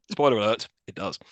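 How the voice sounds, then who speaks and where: A man's voice: mid-range voice, dry recording. A man co-hosting a podcast, recapping a film in a sarcastic way and acting out lines from it. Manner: animated, sarcastic storytelling with voiced quotes. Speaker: podcast co-host. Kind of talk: casual film-recap chat.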